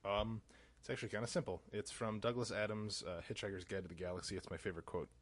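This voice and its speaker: A man's voice: fairly low pitch, fairly even intonation, fast. A man from the Chicago area with a Chicago-area American accent, casually reading through a word list for an accent challenge, with plenty of filler sounds. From Illinois, USA. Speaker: vlogger.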